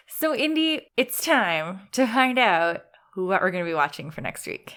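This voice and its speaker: Relaxed, chatty woman podcast co-host. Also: medium pitch, a little slow. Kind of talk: casual podcast chat and read sponsor message.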